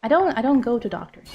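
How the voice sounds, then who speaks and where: A woman with a fairly high voice chats away on a live game stream. She reads out viewer messages and answers them casually while she plays, with a faint hiss of noise underneath. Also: mellow.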